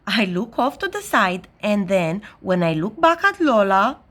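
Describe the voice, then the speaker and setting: A woman reading a children's story aloud in a playful, expressive storytelling manner. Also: mid-range voice, a little slow.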